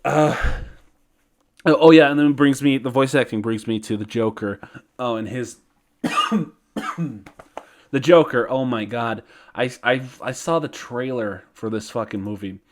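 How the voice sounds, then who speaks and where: A man's voice: medium pitch, a little slow, pauses often. Profane, exasperated man ranting. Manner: profane, exasperated, breaks into laughter. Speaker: video reviewer. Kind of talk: casual ranting commentary.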